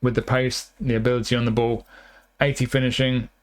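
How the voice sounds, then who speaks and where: Smooth, level-toned man reviewing a game. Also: medium pitch, flat delivery, brisk. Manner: thinking aloud, chatty with restarts. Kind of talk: casual gameplay commentary.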